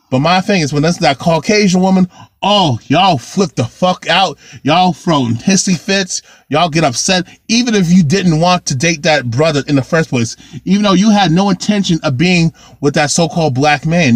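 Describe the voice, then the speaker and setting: A man's voice: fairly high pitch, dry recording, clean studio sound. A man vlogging a heated, ranting monologue to camera, repeating himself and restarting phrases. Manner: heated, repetitive, circles back and restarts.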